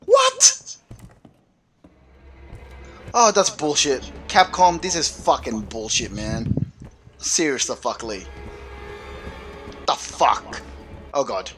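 A man's voice: mid-range voice, lively intonation, slow pace, long pauses, fairly bright tone, faint music behind. A man playing a horror game and commenting live, swearing constantly and yelping in panic. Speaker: let's play gamer.

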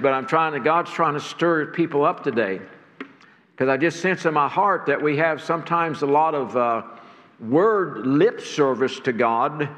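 A man's voice: fairly high pitch, a bit bright. A man preaching a sermon to a church congregation, earnest and stirring, often repeating words as he builds. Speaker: pastor. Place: church sanctuary. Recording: long hall reverb.

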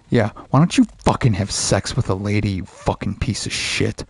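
A man's voice: lowish voice, moderate pace, creaky, few pauses, breathy edge. A man giving profane, frustrated commentary while playing a video game. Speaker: gaming streamer. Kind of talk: casual let's play commentary.

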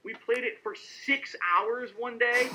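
A man's voice: very high voice, little pitch movement, slow pace, pushed and bright, slight background noise. A man talking on a live stream as a game reviewer, rambling and restarting his sentences. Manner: rambling, talks over himself with restarts. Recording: lo-fi stream audio.

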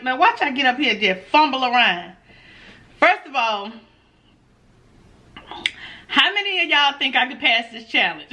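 A woman's voice: high-pitched, pushed and bright. A woman food vlogger, chatting casually and nervously to her viewers, laughing often. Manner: nervous, giggly energy. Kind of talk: casual mukbang vlog.

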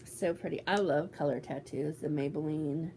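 A woman's voice: low-pitched, moderate pace, creaky, darkish tone, a little hiss or hum. A woman vlogging casually as she unboxes a gift swap, bubbly and teasing as she exclaims over each item. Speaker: beauty vlogger.

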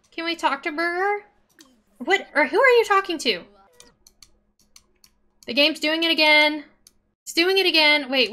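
A woman's voice: high voice, bright, forceful tone. A woman streaming a life-sim game, chatting casually and talking to the characters with dramatic outbursts. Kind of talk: casual gameplay commentary.

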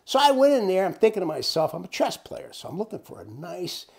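Gravelly man telling a lively anecdote. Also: fairly quick. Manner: animated, swears freely, wide swings in pitch. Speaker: storyteller.

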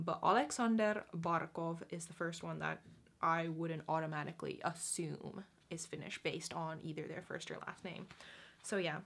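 A young woman giving a casual pronunciation lesson, patiently repeating each word slowly and carefully. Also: fairly low pitch, vocal fry, a bit bright. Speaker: language teacher.

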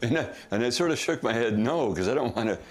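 A middle-aged man casually telling a family story as a podcast guest, chuckling often and throwing in quick asides. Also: mid-range voice, lively intonation, slight background noise.

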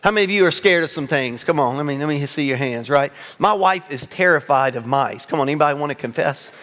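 A male pastor preaching a sermon to his congregation, telling funny personal stories with lively, self-mocking humor. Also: a little high, quick pace, long reverb tail. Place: large church sanctuary.

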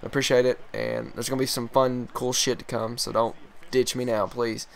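A young man swearing and yelling while commentating his own fighting game, sometimes calming himself down. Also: medium pitch, moderate pace, creaky. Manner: profane, yelling and groaning at the game. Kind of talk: live gameplay commentary.

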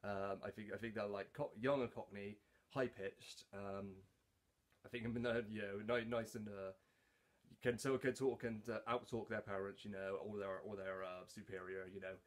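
A man talking casually about his hobby voice work, halting, with lots of fillers and restarts. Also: lowish voice, fairly even intonation. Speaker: hobby voice actor. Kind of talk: casual talk to camera.

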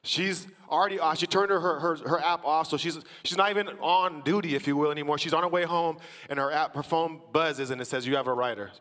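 A man from the church team telling a story from the stage, acting out the quotes and rising to shouted praise. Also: on the high side, fairly even intonation, brisk, hardly any pauses. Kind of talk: testimony preached from the stage. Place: large church auditorium. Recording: long hall reverb.

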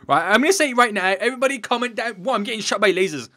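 A man's voice: very high-pitched, racing, dry recording. A young man joking and laughing through a casual let's-play of a game with a friend. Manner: excitable, joking, breaks into laughter. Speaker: gaming channel host.

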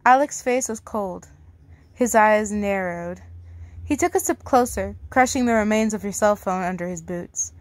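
A woman reading a fan fiction aloud to her audience, casual and outspoken, reacting loudly and swearing. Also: mid-range voice, a little slow, no room sound. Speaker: story reader.

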